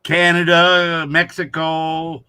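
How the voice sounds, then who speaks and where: A man from Wisconsin in a relaxed, joking chat on a panel show. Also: on the high side, slow, smooth, no echo. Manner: easygoing, joking. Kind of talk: casual chat.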